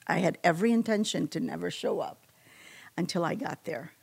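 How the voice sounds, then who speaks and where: A woman's voice: lowish voice, fairly quick, creaky, husky. A woman giving a personal faith testimony, telling her story with feeling and acting out quotes. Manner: emotional, animated storytelling with acted quotes. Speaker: testimony speaker.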